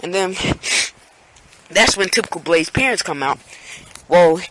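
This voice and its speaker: A young man with a high voice tells a long storytime tale into his camera mic. He rambles along, full of fillers and restarts. Now and then he breaks into squeaky impressions of his frightened friends. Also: lively intonation, measured pace, noisy background. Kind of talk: casual storytime vlog.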